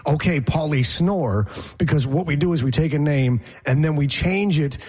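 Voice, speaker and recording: A man with a somewhat husky, higher-than-usual voice co-hosts a casual podcast. He rants with sarcastic mockery, drawing out his punchlines. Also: brisk, a little mellow. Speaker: podcast co-host. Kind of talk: casual chat.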